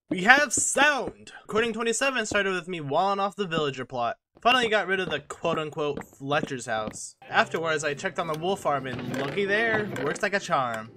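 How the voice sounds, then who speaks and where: Young man, slightly high voice, crisp and bright, casual self-mocking gameplay voice-over, faint music behind. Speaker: gaming channel host.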